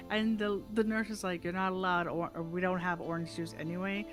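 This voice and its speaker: A woman's voice: lowish voice, steady tone, brisk, hardly any pauses, music in the background. A woman livestreamer chatting casually, telling a story with lots of laughs and acted-out voices. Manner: chatty, laughing, acts out voices in her anecdotes.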